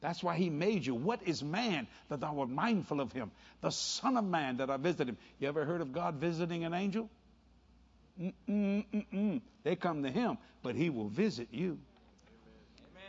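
An older man preaching a sermon, animated and playful, telling stories with quick voices and laughter. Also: on the high side, slightly rough. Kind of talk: sermon mixed with storytelling. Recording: dull lo-fi sound.

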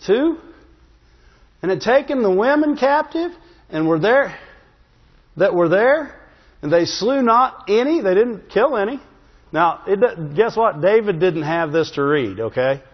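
In a church sanctuary where his words ring with a long reverb, a high-voiced pastor delivers a humorous, conversational sermon, often asking the congregation "Amen?" He's very animated yet unhurried, pausing often, with a husky tone, and the recording sounds slightly dull.

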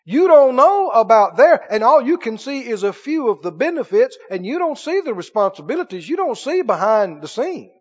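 Pastor, male, high-pitched preaching voice, emphatic call-and-response, muffled hall recording with long reverb. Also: big pitch swings, moderate pace, few pauses, slightly rough. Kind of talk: sermon.

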